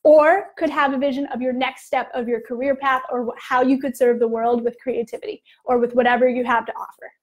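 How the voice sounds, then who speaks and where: A young adult woman life coach talking casually on a live video, chatty and animated, full of "like" and "you know". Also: high voice, a little fast, few pauses.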